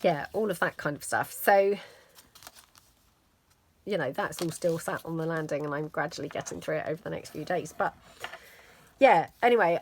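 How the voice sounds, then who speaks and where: A woman's voice: deep voice, a bit bright, slight background noise. Chatty woman rambling casually. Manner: rambling and self-deprecating, lots of fillers. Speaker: crafting channel host.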